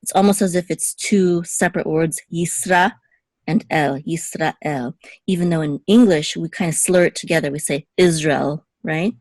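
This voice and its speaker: A woman teaching a language lesson, patiently explaining and repeating words slowly so the sounds come across clearly. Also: fairly low pitch, a little mellow, dry recording. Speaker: Hebrew teacher.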